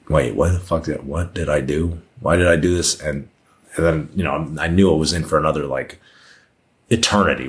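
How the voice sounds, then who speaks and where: A man in his thirties, a podcast guest, telling a personal story in a candid, rambling way with many fillers and restarts. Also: rumbling low. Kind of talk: storytelling in casual conversation.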